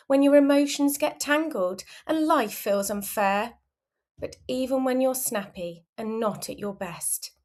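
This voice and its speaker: A woman reads a rhyming picture book to children, gentle and expressive. Her fairly high voice rises and falls in a lively, sing-song way. She takes her time over every line. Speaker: storybook reader. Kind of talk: children's read-aloud in rhyme.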